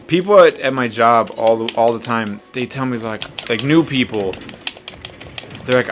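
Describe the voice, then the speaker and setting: A man's voice: mid-range voice, a little slow, noisy background. Twenties guy, casual gaming podcaster, profane, self-deprecating, rambling storyteller. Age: 20s. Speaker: podcast host.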